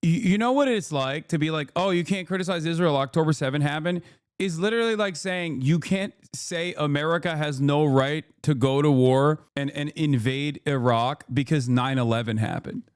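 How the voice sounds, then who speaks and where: Profane guy streaming commentary, kinda high voice, dry close sound. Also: clean tone, no echo. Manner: blunt and profane, fast when reading.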